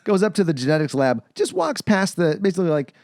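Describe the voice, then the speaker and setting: A man's voice: high-pitched, wildly swooping pitch, gravelly, darkish tone, no room sound, clean studio sound. A man co-hosting a casual movie podcast, joking and laughing as he recaps scenes. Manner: jokey, laughs often, does quick voices for characters. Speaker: podcast co-host. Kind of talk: casual movie review chat.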